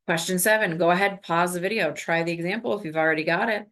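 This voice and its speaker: A woman's voice: lowish voice, fast, fairly bright tone. A woman math teacher recording a lesson, talking students through each step in an upbeat, coaching way.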